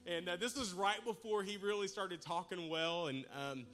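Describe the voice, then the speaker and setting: A man preaching to his congregation, telling a comic personal story with animated, humorous delivery. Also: high-pitched, moderate pace. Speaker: pastor. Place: church service in a large room.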